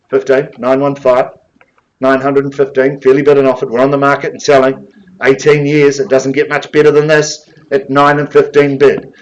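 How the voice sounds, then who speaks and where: A man with a New Zealand accent calling a live property auction in a room, mixing flowery sales patter with a rapid chant of bids. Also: mid-range voice, monotone, muffled recording.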